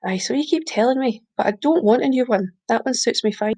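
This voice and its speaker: A woman's voice: a little high, animated, a little fast, dark tone. A woman voicing Christy, a bitter, hard-drinking man who likes to goad, in a story reading. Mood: sardonic. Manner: sardonic, goading. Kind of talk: audiobook reading.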